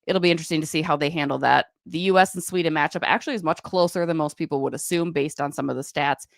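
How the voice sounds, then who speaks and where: A woman with a low voice co-hosts a casual sports podcast. She runs briskly through stats and names, recorded dry and close with no room sound. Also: vocal fry, no echo. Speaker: podcast co-host. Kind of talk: casual hockey chat.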